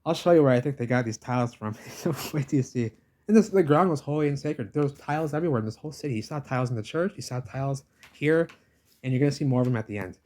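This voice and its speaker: A man's voice: medium pitch, darkish tone. A man recording a casual walking-tour vlog outdoors in a village, ranting insistently at the camera and repeating himself. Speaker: vlogger filming a village walk.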